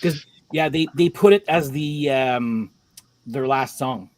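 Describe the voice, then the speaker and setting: A man's voice: medium pitch, takes it slowly, darkish tone. A man co-hosting a casual music chat, explaining details with small restarts. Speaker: podcast co-host.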